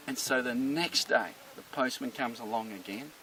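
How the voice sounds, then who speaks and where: A man, a dog trainer explaining a behaviour problem through an animated story. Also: mid-range voice, normal speed, few pauses, distant mic, background noise.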